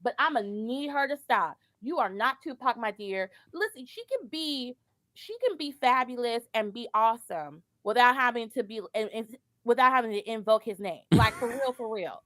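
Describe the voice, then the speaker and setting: A woman's voice: a little high, normal speed, fairly bright tone, dry recording. A woman guest giving sassy, emphatic commentary in a casual gossip chat.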